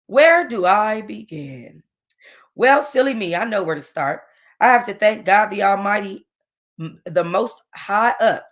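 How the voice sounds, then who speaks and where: A woman reading a novel aloud in an expressive way, with chatty asides to her listeners. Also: medium pitch. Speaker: audiobook reader.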